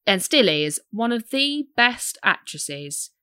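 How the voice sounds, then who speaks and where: A young woman co-hosting a casual podcast chat, animated and swearing freely. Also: medium pitch, slow, clean tone, dry recording, clean studio sound. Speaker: podcast co-host.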